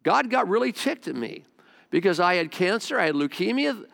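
A male preacher with a high, creaky, slightly bright voice sounds very animated as he speaks at a normal speed to a congregation in a large hall. His delivery is conversational with stammered restarts and side remarks, recorded on a close mic with long church-hall reverb.

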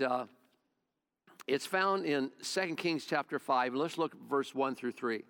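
A male pastor delivers a sermon with folksy, conversational storytelling. His voice sits a little higher than most men's, and he drifts casually between scripture and his own asides. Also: fairly bright tone, smooth.

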